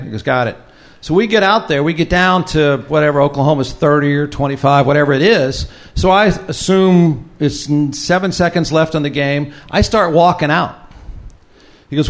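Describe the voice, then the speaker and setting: A little high and fairly quick, this man's voice carries a lively old football yarn for a live crowd. He hosts the show, once played as a football kicker, and performs the quoted voices as he goes.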